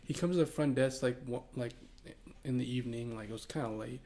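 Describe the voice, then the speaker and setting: Gravelly young man, laid-back podcast chat. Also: medium pitch, a little fast, warm tone. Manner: laid-back, profane, hesitant. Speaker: podcast co-host.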